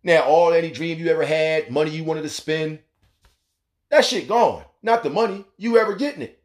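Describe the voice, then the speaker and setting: A man's voice: fairly high pitch, normal speed. A man hosting a talk radio show, delivering a blunt, profane monologue and acting out the voices he quotes. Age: adult, has a son.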